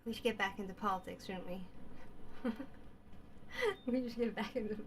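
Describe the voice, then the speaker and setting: A woman's voice: medium pitch, fairly even intonation, normal speed, slight background noise. A woman in a rambling, casual monologue who repeats herself, keeps asking her listeners questions, and sprinkles in Yiddish and Hebrew words.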